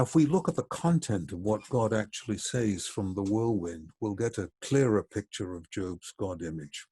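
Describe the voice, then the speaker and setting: A man lectures in a measured, thoughtful way with a low, mellow voice. His tone is somewhat husky. The recording is dry and close, with no room sound. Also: no echo.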